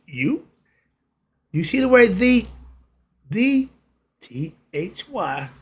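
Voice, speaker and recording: A man hosting his own religious commentary, speaking, emphatic and preachy, reading passages slowly and then riffing on them. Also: a little high, gravelly, a bit bright, husky. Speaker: host.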